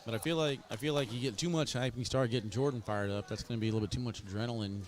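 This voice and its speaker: A man's voice: medium pitch, fairly even intonation, very fast. Laid-back male cornhole commentator. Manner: casual, chatty, joking. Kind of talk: relaxed play-by-play commentary.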